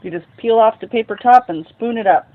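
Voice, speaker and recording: A man hosting a story time show, reading a novel aloud in a casual, unhurried way with lively bursts. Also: sits high. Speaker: storyteller host. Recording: tinny phone-like sound.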